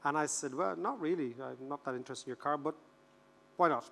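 Irish male keynote speaker, 50s, higher-pitched and joking, in a reverberant hall. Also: a little fast, vocal fry. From Ireland. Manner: animated, joking storyteller who repeats words for effect. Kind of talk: conference keynote speech.

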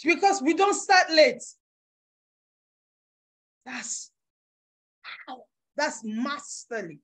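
A woman giving a motivational business workshop in a forceful, preacher-like way, acting out little voices. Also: high voice, expressive, takes it slowly. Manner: emphatic, preacher-like, acts out voices with big swings.

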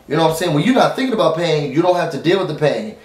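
A man talks through a TV episode in a loose, chatty way, speaking straight to his viewers. His voice sits a little high for a man. The sound bounces around a roomy space at home. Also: animated, very fast, slight background noise. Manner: informal, addresses viewers as y'all; rambling with many fillers and restarts. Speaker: TV recap vlogger. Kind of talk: casual chatty recap. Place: at home, dog nearby.

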